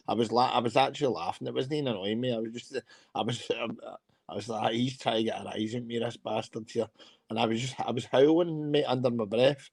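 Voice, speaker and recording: A Scottish man on a livestream panel, swearing and stammering as he shrugs things off with a laugh. His voice is mid-pitched and dry, recorded close with no room sound. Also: fast, vocal fry, darkish tone, slightly rough, no echo. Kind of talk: casual livestream panel chat.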